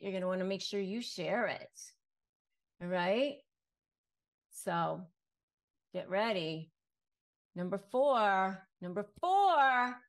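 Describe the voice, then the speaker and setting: A middle-aged woman speaks straight to camera as an attorney giving advice. She talks at an unhurried, deliberate pace and leans on repeated phrases for emphasis. Her pitch sits in an ordinary middle range. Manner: emphatic, repeats key phrases, acts out short quotes. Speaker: attorney and online coach. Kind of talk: direct-to-camera advice talk.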